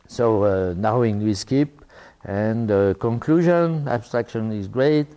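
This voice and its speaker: A man's voice: fairly low pitch, warm tone, lo-fi sound. An older French man giving an academic talk in English, with many fillers and restarts. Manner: halting, with frequent fillers and restarts. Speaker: lecturer.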